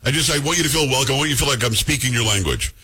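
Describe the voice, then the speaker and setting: A middle-aged man hosts his talk radio show from the studio, talking fast and bantering loosely with quick jokes. His voice is bright with a slightly husky edge. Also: mid-range voice, lively intonation. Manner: chatty, joking, quick asides.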